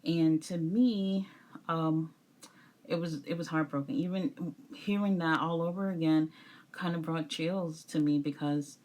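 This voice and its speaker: A woman's voice: low voice, steady tone, a little slow, darkish tone. A young woman casually reviewing wrestling documentaries, rambling with lots of fillers and restarts.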